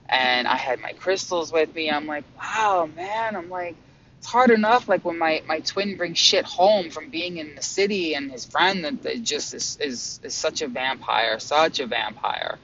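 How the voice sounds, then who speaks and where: A man vlogging about his spiritual experiences in a casual, excitable way, swearing freely and often stumbling over restarts. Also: on the high side, moderate pace. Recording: dull lo-fi sound with faint hum.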